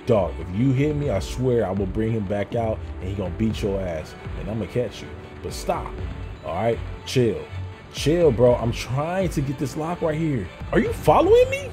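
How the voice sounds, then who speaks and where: A young man streaming a video game, loudly and excitedly talking back to the characters on screen in casual, swearing slang. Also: mid-range voice, unhurried, faint music behind. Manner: loud, animated, talks to game characters. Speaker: gameplay streamer. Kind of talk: excited gameplay commentary.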